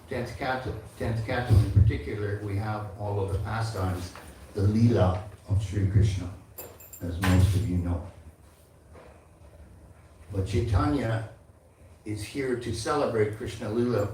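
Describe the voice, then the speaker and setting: With a warm voice on the low side, a man in his seventies gives a devotional class as a temple speaker, mixing Sanskrit verse recitation with asides to the audience. The sound was taken from far off in a large, echoey temple hall and has a little hiss or hum.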